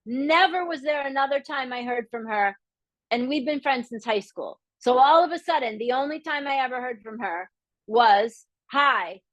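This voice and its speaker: Candid woman coaching, fairly high voice. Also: moderate pace, no room sound. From Boston area, Massachusetts. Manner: candid, animated, acts out quoted voices. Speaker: business coach. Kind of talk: live masterclass talk.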